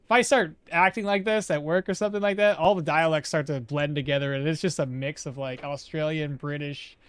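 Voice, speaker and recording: A man's voice: on the high side, fairly even intonation, a little fast, a bit bright, clean tone, dry recording. A man streaming a game, talking casually and rambling to his viewers, often correcting himself mid-sentence. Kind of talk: casual gameplay commentary.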